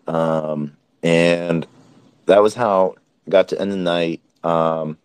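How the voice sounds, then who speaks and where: A very low-voiced man hosts a casual nightly recap, sounding worn out after a long day. He talks slowly and rambles, full of ums and likes. The sound is dry and close. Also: smooth, no echo. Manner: relaxed, rambling with many fillers. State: tired, hiccuping. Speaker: host. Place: Miami, at a conference event.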